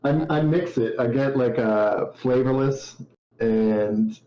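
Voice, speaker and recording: A man's voice: mid-range voice, slow. Laid-back Canadian man on a roomy call. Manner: laid-back, laughs easily, rambling anecdotes. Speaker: game developer guest. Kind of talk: casual video call chat. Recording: roomy, slightly dull sound with faint noise.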